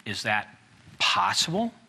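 A man's voice: fairly high pitch, big pitch swings, slow, vocal fry, pushed and bright, husky. A man leading a Bible study class, thinking aloud in a conversational way and putting questions to the group.

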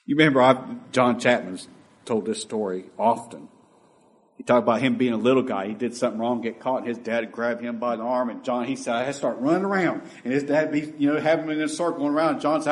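A man preaching a sermon with passion, moving between loud emphatic lines and quiet, hushed asides. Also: mid-range voice, moderate pace, long pauses.

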